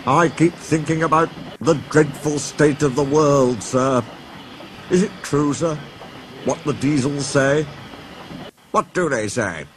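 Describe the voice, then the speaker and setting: A man's voice: a little high, takes it slowly, voice pushed up. Pompous huffy big steam engine, a guy doing the voice, noisy background. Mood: gloomy. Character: proud grumbling big male steam engine.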